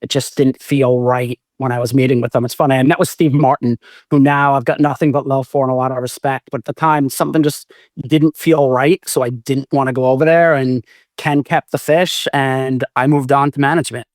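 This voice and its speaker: A man's voice: medium pitch, steady tone, a little fast, dry recording, clean studio sound. A man in his forties, a music manager, telling long self-correcting stories in a casual interview. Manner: rambling, self-correcting anecdotes. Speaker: music manager, podcast guest.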